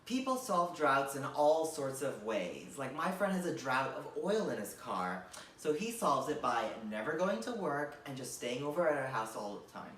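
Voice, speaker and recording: A man's voice: medium pitch, fairly bright tone, a little hiss or hum. Man rambling sarcastically, roomy distant sound. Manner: rambling, filler-heavy, mock-gushing sarcasm. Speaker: comedian. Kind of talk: comedic monologue.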